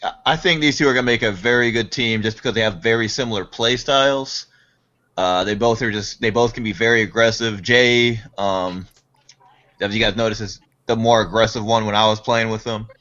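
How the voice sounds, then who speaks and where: A man's voice: lowish voice, fairly even intonation, brisk, sharp tone. A man predicting how a team will do in a casual gaming chat, earnest and full of ums and restarts, over muffled call audio. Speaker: co-commentator.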